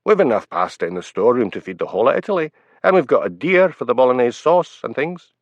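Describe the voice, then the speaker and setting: Man doing a high, excitable waiter. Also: fast talker, no room sound. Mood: eager. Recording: dull lo-fi, dry.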